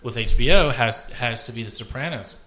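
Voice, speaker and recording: Man, podcast host, bright tense voice, rambling, profane casual chat. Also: mid-range voice, a little fast.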